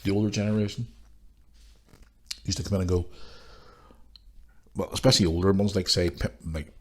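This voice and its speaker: A man's voice: low voice, fairly even intonation, moderate pace, slightly rough. A man hosting a podcast, ranting bluntly and swearing freely while he has a cold. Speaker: podcast host. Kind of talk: casual ranting monologue.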